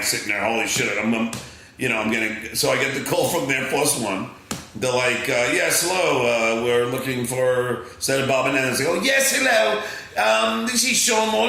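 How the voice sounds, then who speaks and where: Gravelly, bright-voiced man with a Long Island accent. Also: medium pitch, heavy reverb, low-quality recording. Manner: excitable, acts out voices, frequent fillers and restarts. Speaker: podcast guest. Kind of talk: animated storytelling.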